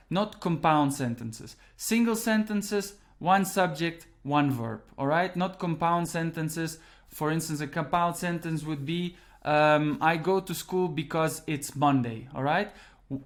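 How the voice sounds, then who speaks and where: Man, online language teacher, patient step-by-step explaining, repeats key points. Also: on the high side.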